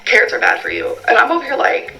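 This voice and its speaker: A woman's voice: fast talker, sharp tone, slight background noise, rough recording. A woman answering viewer questions in a casual vlog, rambling with lots of fillers and reading the questions aloud. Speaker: vlogger.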